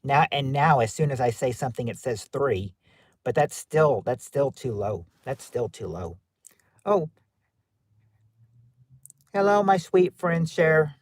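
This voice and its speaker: A man's voice: medium pitch, big pitch swings, unhurried, pauses often, dry recording, studio quality. A man hosting a livestream, chatting casually with viewers in a rambling way and restarting his sentences often. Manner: rambling, repeats himself with many restarts. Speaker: livestream host. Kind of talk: casual chat reading live chat.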